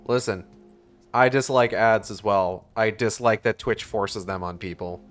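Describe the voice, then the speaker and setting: A man's voice: on the low side, fairly even intonation, measured pace, faint music behind. A man streaming a video game, chatting casually and sarcastically, swearing and reading on-screen text aloud. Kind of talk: casual gameplay commentary.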